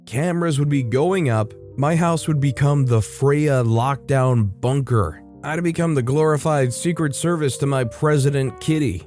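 A man narrates a story with a mellow, warm tone and plenty of emphatic punch. His delivery turns wry at the asides. Soft music plays faintly underneath. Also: mid-range voice. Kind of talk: reading stories aloud.

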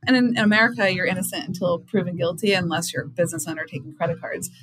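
A woman guest on a podcast who speaks directly and with emphasis, making her points firmly. Her voice sits somewhat low for a woman. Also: rapid-fire, fairly bright tone, breathy edge, no room sound, low-quality recording. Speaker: payments company co-founder, guest. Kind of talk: conversational interview.

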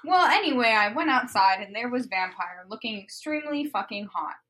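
Young woman, comedy podcast co-host; bright, slightly high voice, sarcastic and sweary. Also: lively intonation, a little fast. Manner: sarcastic, swears freely, breaks into laughter. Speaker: podcast co-host reading a fanfic aloud. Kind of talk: casual comedic chat and reading aloud.

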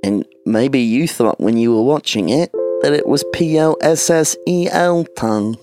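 A man's voice: medium pitch, moderate pace, music in the background, close to an everyday voice. A man playing a teen boy wizard who earnestly explains things.

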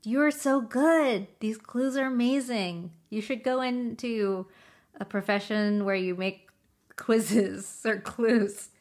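A woman's voice: fairly high pitch, slow, darkish tone. A woman co-hosts a podcast in casual conversation. She reacts eagerly and chimes in with short, enthusiastic remarks. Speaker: podcast co-host.

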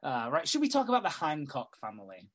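A man's voice: fairly high pitch, huge pitch swings, brisk, a bit bright. A man co-hosting a casual podcast, laughing often as he recaps a TV show. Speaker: podcast co-host. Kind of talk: casual chat.

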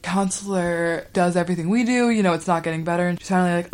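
A woman's voice: fairly low pitch, fast talker, a little mellow. Chatty young woman telling a story. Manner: chatty, profane, wry. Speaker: podcast host. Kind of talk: casual storytelling.

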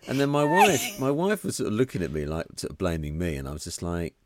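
Deep-voiced man, middle-aged, casual podcast co-host; animated storyteller, dry close sound. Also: fast talker, no room sound. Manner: anecdotal, laughing often, trailing off. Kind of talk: casual chat.

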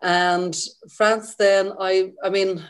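A woman's voice: mid-range voice, level tone, takes it slowly, smooth. A middle-aged woman from Ireland, a ski journalist, talking chattily and with enthusiasm in a casual interview.

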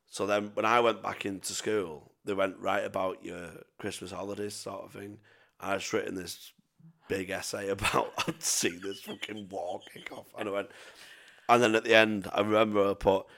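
Deep gravelly man. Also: level tone, moderate pace, a bit bright. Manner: sweary, rambling anecdotes with self-mocking laughs. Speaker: podcast co-host. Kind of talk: casual storytelling chat.

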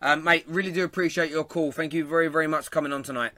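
A man's voice: on the high side, fairly even intonation, rapid-fire, sharp tone, dry recording. A man with a London accent hosting a football show, chatting casually, reading viewer comments and laughing often. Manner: laughs often, banters with chat. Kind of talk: casual live-stream chat.

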